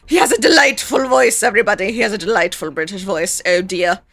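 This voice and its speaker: A young woman chats loosely on a live stream, thinking out loud and reading comments back to her viewers. She laughs easily and trails off into asides. Her voice sits at an ordinary pitch for a woman. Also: fast, no echo. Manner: chatty, thinks aloud, laughs often, reads chat. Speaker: streamer reacting to videos. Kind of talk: casual live-stream chat.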